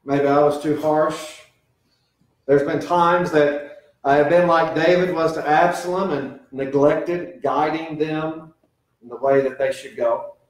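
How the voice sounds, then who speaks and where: A man's voice: a little high, measured pace. Man preaching in an echoey church. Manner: earnest, conversational preaching with lively swings and quoted voices. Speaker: pastor. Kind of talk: sermon. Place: church sanctuary. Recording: echoey church, mic from a distance.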